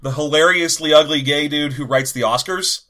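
A man's voice: a little high, normal speed, sharp tone. A man co-hosting a podcast, casually recapping film scenes and riffing with a co-host. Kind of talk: casual chat reviewing a film.

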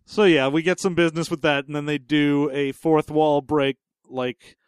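A man's voice: fairly high pitch, steady tone, moderate pace, clear, resonant tone, no echo, clean studio sound. A man co-hosting a podcast, chatting casually about a film and acting out quotes from its characters. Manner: jokey, acts out characters in quotes. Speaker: podcast co-host. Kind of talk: casual chat.

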